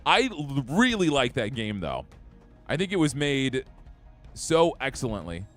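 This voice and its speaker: A man's voice: mid-range voice, sing-song, measured pace, soft background music. A young man streaming a game live, chatting upbeat and casually with his viewers while he plays. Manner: upbeat, chatty, talks to chat. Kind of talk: live gameplay commentary.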